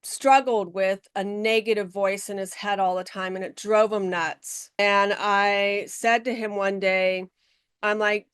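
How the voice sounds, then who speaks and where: A woman guest on a podcast interview, telling stories in an animated way and acting out the people she quotes, speaking from her office. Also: mid-range voice, measured pace, smooth, no echo, studio quality. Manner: animated storytelling, acts out quoted voices.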